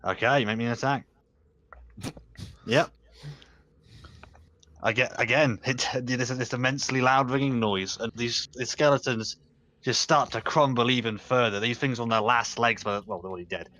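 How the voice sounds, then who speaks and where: A man's voice: medium pitch, steady tone, moderate pace, long pauses, bright, forceful tone. A man narrating as game master in a casual, loose way, full of small fillers.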